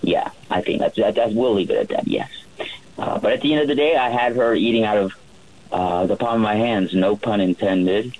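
On a radio show, a private yacht chef rambles through his stories, full of fillers and false starts. He speaks at a fairly low pitch and moderate pace with a slightly mellow tone, over poor audio.

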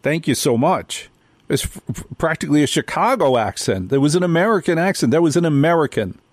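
A man's voice: a little high, lively intonation, quick pace, no echo, clean studio sound. Emphatic male talk radio host. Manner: emphatic, repeats key points again and again.

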